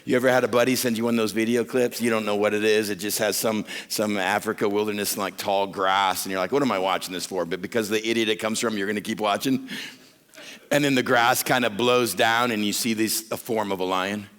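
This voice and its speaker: A man preaching a sermon to a men's retreat, telling stories with lively acted-out voices. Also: on the low side, brisk, clean tone. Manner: animated storytelling preacher, acts out voices. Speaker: pastor.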